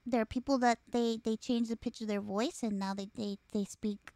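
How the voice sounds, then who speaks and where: Young woman host, Spanish accent, high voice, excitable and blunt, dry mic. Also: moderate pace, dry recording. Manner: excitable, swears freely, repeats words. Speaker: talk show host. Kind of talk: casual chat.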